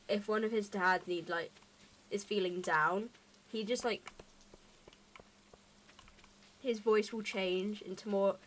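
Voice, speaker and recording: A woman's voice: mid-range voice, a bit bright, slight background noise. A young adult woman streaming a game and chatting casually, rambling and often restarting her sentences. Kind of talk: casual chat while gaming.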